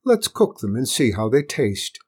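Man voicing a polite, calm stranger. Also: mid-range voice, a little slow, breathy edge. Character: smooth, polite male traveling stranger. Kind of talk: storybook reading.

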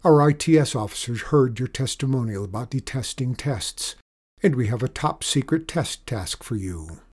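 A man's voice: mid-range voice, animated, moderate pace, a little mellow, breathy edge. A man voicing a secretive army colonel who speaks in clipped, official military phrasing in a storybook reading.

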